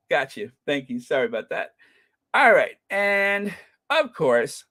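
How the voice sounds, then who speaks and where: A royal-commentary vlogger delivers scornful, animated remarks at an unhurried pace. The pitch swoops up and down expressively while reading viewer comments and news snippets aloud, with laughter never far away. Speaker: royal commentary channel host.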